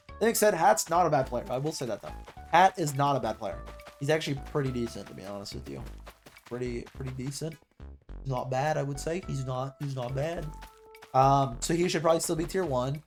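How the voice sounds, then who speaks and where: A man's voice: mid-range voice, animated, a little fast, soft background music. A man chatting casually on a livestream, rambling with lots of "like" and frequent self-corrections. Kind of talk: casual stream chatter about esports.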